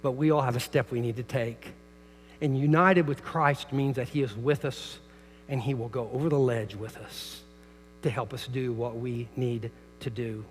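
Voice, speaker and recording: A man's voice: medium pitch, fairly even intonation, normal speed, big-room sound, a little hiss or hum. An older man, a pastor preaching a sermon, telling stories, who often repeats words as he starts a phrase. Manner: storytelling, repeats words at the start of phrases, rises loud when quoting. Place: church sanctuary.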